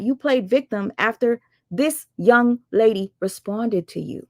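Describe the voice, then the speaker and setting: A woman's voice: on the high side, moderate pace, a little mellow, no echo, studio quality. A woman hosting her livestream, calling someone out in a blunt, sarcastic, fired-up casual rant. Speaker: livestream host.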